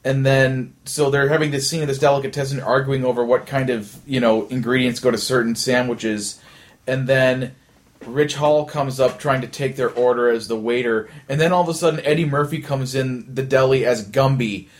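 Man rambling through an animated anecdote. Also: mid-range voice. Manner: rambling, animated storytelling with many restarts and quick impressions. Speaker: podcast host. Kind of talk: casual chat.

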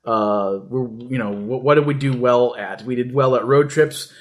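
A man's voice: mid-range voice, moderate pace. A man hosting a casual podcast, telling a story in a rambling, joking way with lots of fillers and restarts. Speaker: podcast host.

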